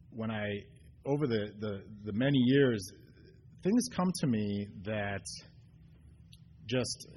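At a recovery meeting in a meeting room, a man with a very low, slightly mellow voice gives a personal share, earnest and getting choked up. He speaks haltingly, often stopping, restarting and filling pauses with ums, over a faint background noise.

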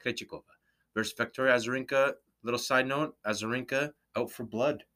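A man's voice: mid-range voice, fairly even intonation, bright, forceful tone. A man co-hosting a sports betting talk show, joking and playful as he runs through tennis odds. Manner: jokey, playful, quick asides. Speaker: sports betting podcast co-host. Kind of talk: casual banter about tennis odds.

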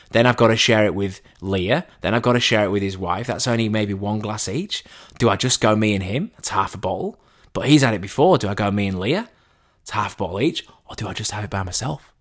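A man telling a casual story as a monologue, animated and chatty, with a self-deprecating tone and frequent restarts. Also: on the low side. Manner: animated, acts out quoted dialogue in a raised voice.

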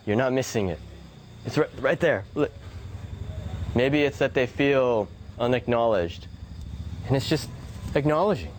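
A male guest speaking reflectively and telling stories. His pitch is average, but his delivery is animated and moves widely up and down. He laughs often as he talks. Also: unhurried, pauses often, slight background noise. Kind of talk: reflective conversation with storytelling.

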